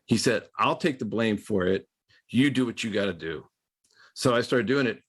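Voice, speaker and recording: A man's voice: fairly low pitch, moderate pace, slightly rough. A middle-aged man, a podcast guest and former quarterback, telling stories in a casual interview and acting out other people's voices. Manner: animated storyteller acting out quoted voices.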